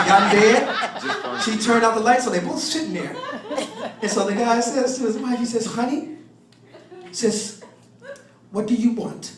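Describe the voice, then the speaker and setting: A man's voice: high-pitched, noisy background. A man doing a stand-up comedy set, telling jokes in a rambling way with lots of restarts, and chatting with the audience. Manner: rambling storytelling with restarts and laughs. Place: comedy venue with live audience. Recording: echoey room recorded from far off.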